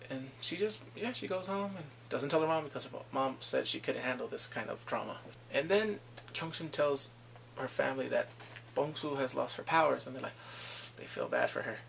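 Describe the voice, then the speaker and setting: A man recapping episodes of a TV drama in a casual vlog, animated and quick to act out scenes with squeals and laughs. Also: mid-range voice, creaky, slight background noise. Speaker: drama reviewer.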